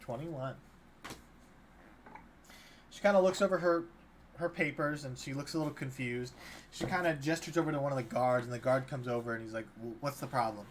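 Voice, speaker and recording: A man narrates a tabletop game as its dungeon master in a medium-pitched voice. He talks loosely, stopping and restarting with fillers, over a faint noisy hiss. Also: brisk, long pauses. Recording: faint background noise.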